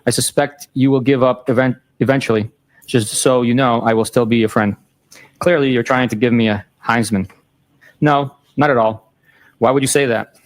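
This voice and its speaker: Man flatly reading texts in court. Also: mid-range voice, normal speed. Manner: flat, matter-of-fact reading, timestamps read aloud. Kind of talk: reading text messages aloud in court.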